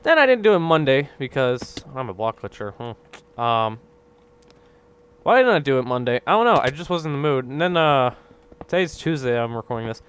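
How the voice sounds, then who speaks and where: A young gaming video creator speaks in a smooth, fairly bright, medium-pitched voice, very animated and at normal speed. Over his gameplay he rants casually, rambling and griping in exasperation while constantly asking "right?".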